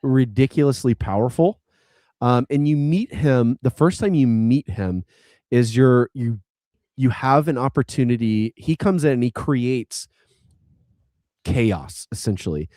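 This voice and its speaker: A man's voice: mid-range voice, expressive, a little slow, dark tone, dry recording, clean studio sound. A man on a podcast retelling a video game story in a casual, rambling way, full of likes and restarts. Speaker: podcast co-host.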